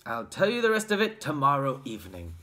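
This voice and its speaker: A storybook reader voicing Grandpa Joe, a kindly old grandfather who tells secrets in hushed, conspiratorial tones. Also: medium pitch, huge pitch swings, quick pace. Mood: telling.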